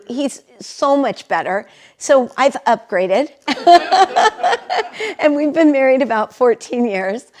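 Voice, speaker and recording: A woman's voice: high voice, darkish tone. A middle-aged woman leading a live wellness workshop, chatty and laughing often as she guides the group through affirmations. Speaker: workshop leader and energy healer.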